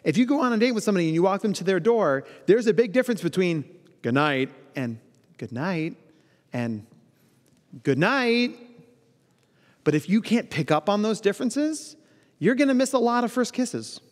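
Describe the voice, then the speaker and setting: A man in his thirties giving a playful, animated keynote talk at a conference, often acting out quoted voices. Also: sits high, a little fast. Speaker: keynote speaker. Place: large conference hall. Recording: long hall reverb.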